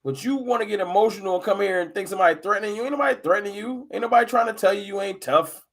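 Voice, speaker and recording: A man runs a casual sports live stream, answering viewers one by one. His voice sits a touch high, and he talks in a lively, combative way, pushing his opinions hard while staying loose and conversational. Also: rapid-fire. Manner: animated, argumentative, addresses chat viewers directly. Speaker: fan channel live stream host.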